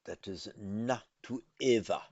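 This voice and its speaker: A man teaching a language lesson in a careful, methodical way, pausing to correct himself. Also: fairly low pitch, a little mellow, dry recording, muffled recording. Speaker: Sanskrit teacher. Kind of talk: explanatory lesson.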